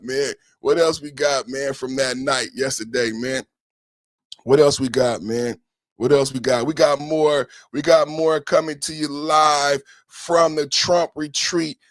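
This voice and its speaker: A man hosting a podcast, reacting to posts in casual, excitable commentary, laughing often and repeating phrases. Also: on the high side, no room sound. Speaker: podcast host.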